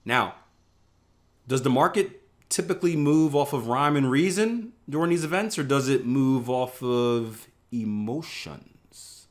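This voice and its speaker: A man's voice: medium pitch, animated, measured pace. A man from the Northeast US teaching a live online trading class in a conversational way, often checking in with "right?" and acting out panicked traders. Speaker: trading instructor.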